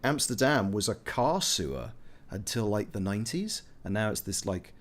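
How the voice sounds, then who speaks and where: Chatty man doing animated game commentary. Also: lowish voice, normal speed. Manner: chatty, jokey, rambling asides, bursts into silly voices. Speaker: gameplay commentator. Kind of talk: casual let's-play commentary.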